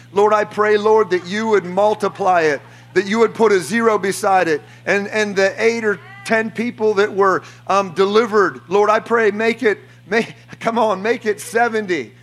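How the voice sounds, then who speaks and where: High-voiced fervent preacher man. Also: fairly even intonation, normal speed, few pauses. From United States. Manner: fervent, shouting bursts, frequent laughter. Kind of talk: charismatic sermon. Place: church meeting before a congregation.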